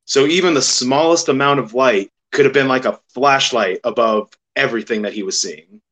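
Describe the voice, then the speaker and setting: A man offers a quick explanation in a steady, matter-of-fact voice. He sounds calm and unhurried, with a mid-range pitch.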